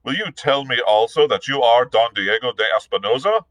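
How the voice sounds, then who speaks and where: A man's voice: mid-range voice, lively intonation, normal speed, fairly bright tone, no room sound, pitched above the performer's own voice, lightly acted, rough recording. A man voicing a proud, bewildered Spanish pirate captain, asking indignant, confused questions in a read-aloud story.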